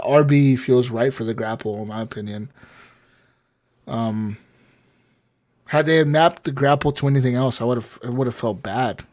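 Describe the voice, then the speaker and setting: A young man co-hosting a casual gaming podcast, telling stories in an animated, profane way. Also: mid-range voice. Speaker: podcast co-host.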